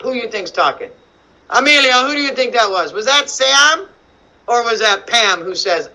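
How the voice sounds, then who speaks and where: A woman teaching young children to read over a video call, animated and coaxing, full of questions. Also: a little high, normal speed, poor audio. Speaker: kindergarten teacher. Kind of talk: online reading lesson for young children. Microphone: computer mic on video call.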